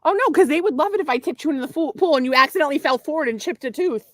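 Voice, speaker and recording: A woman's voice: high-pitched, racing, no room sound. A middle-aged woman co-hosting a casual podcast, telling stories with lots of animation. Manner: animated storyteller, slips into mock formal voices. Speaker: podcast co-host. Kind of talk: casual chat.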